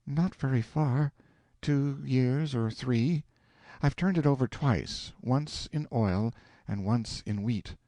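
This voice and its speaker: A man's voice: mid-range voice, takes it slowly, warm tone, dry recording, voice pushed up, close to an everyday voice. A man voicing a prim, prudent middle-aged wife in an audiobook, reproving and careful with money. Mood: calm. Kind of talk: audiobook character voice.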